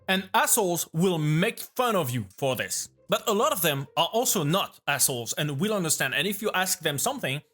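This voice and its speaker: A man's voice: fairly high pitch, big pitch swings, fairly bright tone, soft background music. A man from France with a French accent, reacting to a video and explaining pronunciation casually, with frequent restarts. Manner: halting, restarts often, explains patiently.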